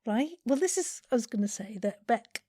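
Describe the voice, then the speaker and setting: A woman's voice: fairly high pitch, expressive, normal speed, mellow, no room sound, studio quality. A woman interviewer chatting casually, encouraging her guest with eager praise. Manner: enthusiastic, encouraging.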